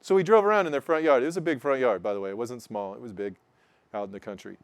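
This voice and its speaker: Smooth-voiced man telling a wild story. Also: medium pitch, quick pace, no echo. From Oregon, United States. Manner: animated, profane, self-mocking, acts out voices. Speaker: guest storyteller. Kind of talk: casual storytelling.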